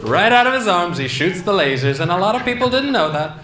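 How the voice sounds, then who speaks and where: A man's voice: high-pitched, big pitch swings, fairly quick, sharp tone, pitched above the performer's own voice, full character voice. A man impersonating a boastful, rambling male politician with a repetitive bragging cadence. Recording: echoey hall with ambient noise.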